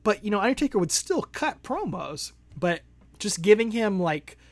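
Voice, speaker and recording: A man's voice: high voice, sing-song, normal speed, no room sound. A man co-hosting a podcast in casual chat, rambling and laughing often. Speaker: podcast co-host.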